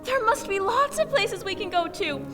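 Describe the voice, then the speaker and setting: A woman's voice: extremely high pitch, lively intonation, moderate pace. A woman playing a frightened young bride in a stage play, pleading and tearful. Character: frightened young bride on her wedding day. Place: stage in a large hall. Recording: stage in a hall with music behind.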